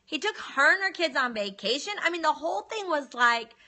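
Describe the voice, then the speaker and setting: Woman, forties, bright voice, lively personal storytelling, phone livestream. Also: sits high, brisk. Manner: animated, addresses viewers as y'all. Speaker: livestreamer sharing her life story.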